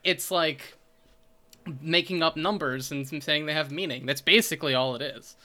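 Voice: medium pitch, moderate pace, bright, forceful tone. Matter-of-fact speaker explaining in chat. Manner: explains matter-of-factly, swears. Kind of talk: casual chat.

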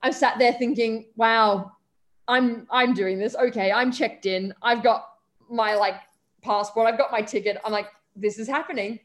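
A young woman with an Australian accent and a fairly high voice tells an anecdote as an interview guest. She talks casually, with plenty of "um" and "like", and acts out the people she quotes. She sounds like a stage performer recounting her own adventures. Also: fairly even intonation, moderate pace. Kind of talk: casual storytelling.

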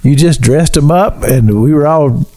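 A man with a Kentucky accent hosting a casual interview, chatty and quick to laugh, often repeating words. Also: on the high side, dark tone. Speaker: host.

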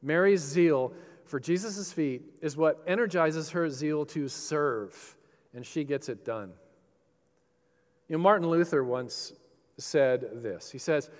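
A man preaching a sermon, swinging between loud, passionate emphasis and hushed, tender quoted lines. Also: mid-range voice, unhurried. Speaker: pastor. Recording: long hall reverb.

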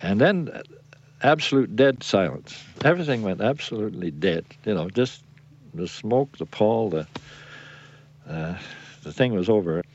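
An older man, a war veteran, recalling events in an interview with halting speech and frequent pauses for words. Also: fairly low pitch, lively intonation, a little mellow. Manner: halting, searching for words with many fillers. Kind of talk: recollection in interview. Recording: muffled lo-fi radio recording.

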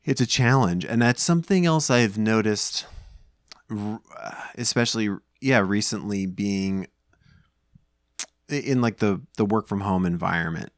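A man's voice: lowish voice, unhurried, dry recording, clean studio sound. A man in his thirties co-hosting a podcast, talking casually at home in a rambling way, full of fillers and restarts. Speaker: podcast co-host. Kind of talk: casual chat.

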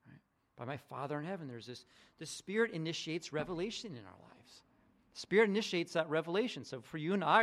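A man's voice: sits high, fairly bright tone. A male pastor preaching a casual, conversational sermon with chatty asides.

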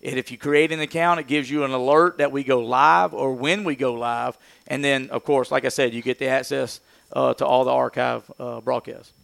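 A man's voice: mid-range voice, steady tone, moderate pace, vocal fry, a bit bright, dry recording. A man, a sports broadcaster, talking in a folksy, rambling way on a casual sports talk show. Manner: folksy, rambling, laughs easily.

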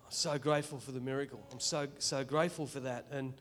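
A middle-aged Australian man giving an earnest, emotional spoken testimony in church, halting and restarting as he speaks. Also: medium pitch, fairly even intonation, slight background noise.

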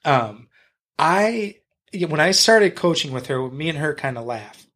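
A man's voice: a little high, expressive, measured pace, fairly bright tone. A man being interviewed on a podcast as a real estate agent and investor, talking in a blunt, rambling, enthusiastic way and swearing freely.

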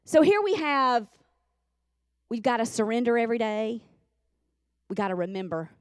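A woman's voice: fairly high pitch, lively intonation, moderate pace, clear, resonant tone, no echo, studio quality. A woman preaching a sermon in a church, folksy and repetitive, calling on the congregation to respond. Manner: folksy, repeats lines for emphasis, calls on the congregation. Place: church sanctuary.

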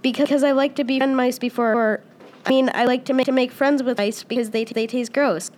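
A woman's voice: high voice, fairly even intonation, brisk, darkish tone, close to an everyday voice. A woman voicing a friendly, chatty male house cat who talks eagerly and stumbles over his words in a read-aloud story.

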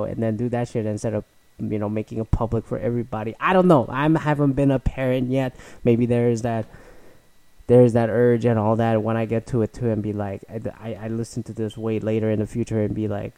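A young man hosts his own podcast solo, ranting casually in a profane, rambling, sarcastic style; he immigrated to Canada. His mid-range voice is steady in tone, brisk and dark. The recording is dry and of poor quality.

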